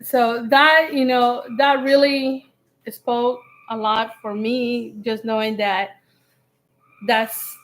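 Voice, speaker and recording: A woman with a bright, high voice tells a story from her marriage in a live Q&A. She is animated and plays out both sides of an old argument, breaking into laughter. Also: takes it slowly, low-quality recording. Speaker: co-host telling a marriage story.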